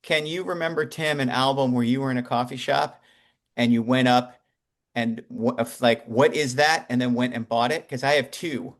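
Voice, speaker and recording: A man's voice: medium pitch, normal speed. A man co-hosting a music podcast, chatting casually and rambling into tangents. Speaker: podcast co-host.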